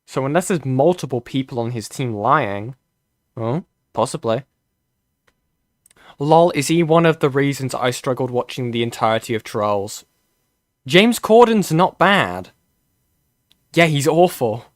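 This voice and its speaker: A man's voice: medium pitch, normal speed, dry recording. Young british dude ranting on stream, swears a lot, restarts his sentences constantly, dry close mic. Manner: sweary, rambling, full of fillers and restarts. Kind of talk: casual reaction commentary.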